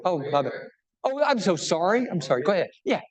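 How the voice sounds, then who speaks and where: Chatty bishop, animated and digressive. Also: male voice, high voice, fast, a crowd in the background. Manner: conversational, animated, many restarts and "right?" tags. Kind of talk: book talk with audience questions.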